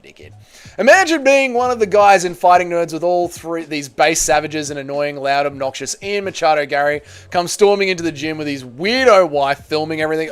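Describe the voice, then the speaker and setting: A man's voice: fairly high pitch, clear, resonant tone. Rowdy young man streaming. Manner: loud, swearing banter with sudden excited shouts. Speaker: livestream host. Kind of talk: casual livestream chat reading viewer comments.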